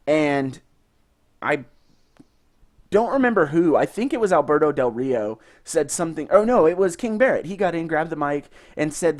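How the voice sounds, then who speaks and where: A young man co-hosting a podcast, telling stories in a casual, excited and profane way. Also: a little high. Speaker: podcast co-host. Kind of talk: casual chat.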